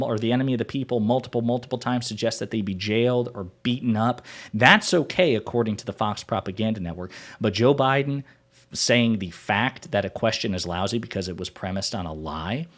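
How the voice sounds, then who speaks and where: A man's voice: medium pitch, a bit bright. A man hosting a political commentary show, arguing his points emphatically and repeating them for stress.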